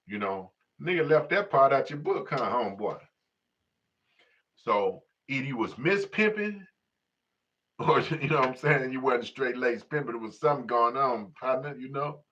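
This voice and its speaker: A man's voice: medium pitch, fairly quick, fairly bright tone. A middle-aged man from Chicago hosting a livestream, rambling in a profane, streetwise way and filling his talk with "you know what I'm saying". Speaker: livestream host. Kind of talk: casual unscripted monologue. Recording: slightly dull lo-fi audio.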